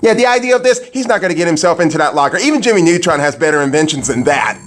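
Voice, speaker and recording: A man's voice: a little high, very animated, racing, fairly bright tone, soft background music. A man giving a crude, sarcastic review of a cartoon episode, swearing freely. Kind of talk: profane comedic review commentary.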